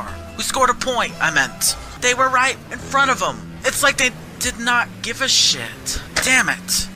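A man narrates his own gameplay in a high, swooping voice, cursing and ranting in constant anger. Game music plays clearly behind him the whole time. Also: sing-song, unhurried, few pauses, pushed and bright. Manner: angry profane ranting, frequent cursing. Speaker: gamer. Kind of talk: gameplay commentary.

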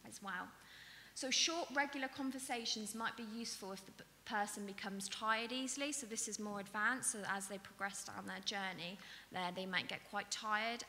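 A woman's voice: mid-range voice, bright, forceful tone. A woman giving a patient, explanatory talk on dementia care as a trainer at an event. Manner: patient, explanatory, with many ums and "so". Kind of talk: awareness talk to an audience. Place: event hall. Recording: echoey hall, faint hiss.

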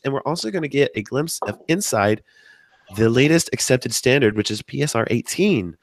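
Podcast host, male, hoarse from a cold, chatty and upbeat, dry close-up sound. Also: dry recording. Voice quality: deep from sickness. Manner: chatty, upbeat, wanders off topic. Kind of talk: live podcast hosting.

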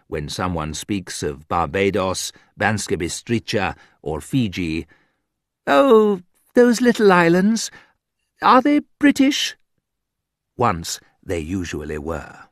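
Slow, wry male narrator with a lively voice. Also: no room sound, studio quality. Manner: wry, slow, deliberate storytelling that jumps high for quoted remarks. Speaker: audiobook narrator. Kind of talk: scripted reading of a graded reader.

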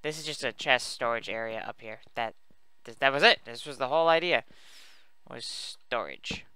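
Chatty let's play guy, super clear smooth voice, rambles and jokes at himself. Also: medium pitch, moderate pace, pushed and bright, no echo. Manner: rambling, chatty, self-mocking. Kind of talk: casual gameplay commentary.

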